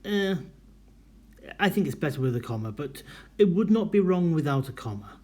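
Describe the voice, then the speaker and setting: A man teaching a recorded language lesson in a mellow, slightly husky voice. He explains step by step and reads example sentences with marked intonation. His delivery is deliberate and clear. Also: on the high side, very animated. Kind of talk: recorded lecture.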